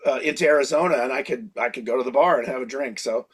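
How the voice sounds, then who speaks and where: A man in his sixties, a creature designer, telling lively anecdotes in a casual interview and slipping into impressions of people. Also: medium pitch, fast, slightly rough.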